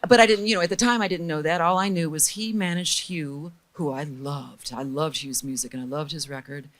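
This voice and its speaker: Low-voiced woman telling candid stories. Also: fairly quick. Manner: lively, candid storytelling, voicing the people she quotes. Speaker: guest recording engineer. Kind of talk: storytelling in a casual interview.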